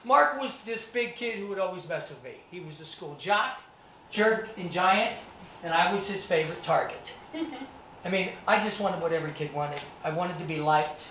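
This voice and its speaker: A guest speaker with a high-pitched voice gives a motivational talk to students in a presentation room, animatedly telling his life story and acting out scenes at normal speed. The mic sits at a distance in an echoey room with slight background noise.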